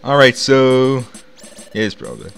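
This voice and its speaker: A man talks through a video game in loose, rambling commentary full of fillers. His voice swings up and down a lot and has a bright edge. Game music plays faintly underneath. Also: medium pitch, sing-song, normal speed, creaky, smooth. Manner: rambling, chatty, lots of "like" fillers. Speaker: let's play host. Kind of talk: casual gameplay commentary.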